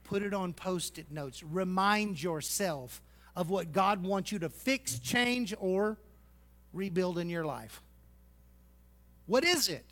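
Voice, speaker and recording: A man preaching a sermon, folksy and teasing, swinging from loud exhortation to hushed asides. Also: high-pitched, takes it slowly. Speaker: pastor.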